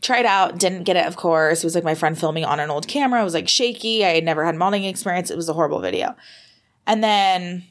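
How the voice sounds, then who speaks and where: A young American woman, a podcast guest, telling her story in a lively conversational way, full of "like" and acted-out moments. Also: fairly low pitch, fast talker. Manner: animated, reenacts moments with fillers like "like".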